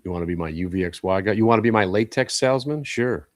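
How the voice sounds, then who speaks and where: A man with a low, voice runs live trading commentary on a stock show. He talks bluntly, swearing at stocks and getting worked up. The sound is dry and close. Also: fast talker, dry recording. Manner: blunt, animated, swears and yells at the market.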